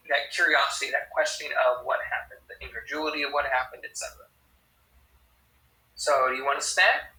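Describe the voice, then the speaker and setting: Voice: mid-range voice, sharp tone, roomy sound, poor audio. An interpreter voicing a sign language teacher's lesson, explaining step by step and often checking in with "right?". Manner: explanatory, frequent tag questions.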